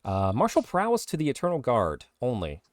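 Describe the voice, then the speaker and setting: A man's voice: medium pitch, wildly swooping pitch, a little fast, no echo, clean studio sound. A man co-hosting a casual podcast, rattling through lists of game rule changes. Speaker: podcast co-host. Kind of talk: casual podcast chat reading rules updates.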